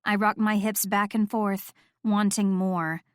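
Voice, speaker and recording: A woman with a mid-range voice reads first-person audiobook narration. Her delivery is steady and intimate. The sound is dry and close to the mic. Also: mid-range voice, unhurried, no echo.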